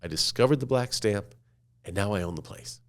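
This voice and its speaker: A man voicing a calm, wise middle-aged custodian who lectures in a measured, preachy way. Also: on the low side, voice pushed down. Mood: lecturing.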